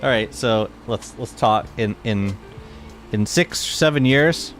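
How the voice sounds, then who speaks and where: A man in his thirties streaming a game, chatting casually and excitably with many restarts. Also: medium pitch, slow pace, soft background music. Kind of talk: casual live-stream chat.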